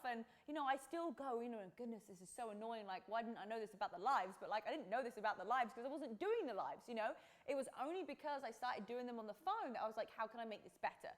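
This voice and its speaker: A woman from England in her thirties, with an accent mixing English, Australian and American, chatting bubbly and animated on a live stream from a lapel mic. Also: on the high side. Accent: English mixed with Australian and American. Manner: bubbly, exclaiming, acts out quotes. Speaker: fitness podcast host. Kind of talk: casual live-stream chat.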